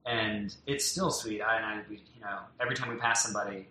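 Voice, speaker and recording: A man speaks tenderly about his young child, circling back with many restarts and fillers. His voice is bright and forward. The room is reverberant, with a faint hum of ambience behind him. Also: lowish voice, steady tone, fast talker. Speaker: parent being interviewed. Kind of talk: casual heartfelt conversation. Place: home in a loud neighborhood.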